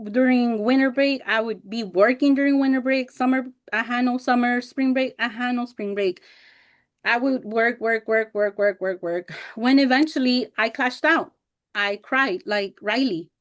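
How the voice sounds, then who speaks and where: A woman in her thirties presenting a teacher workshop over a video call, telling personal stories candidly and expressively, sometimes getting emotional. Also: on the high side. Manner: candid and expressive, acts out past remarks in animated voices; emotional when recalling hard times.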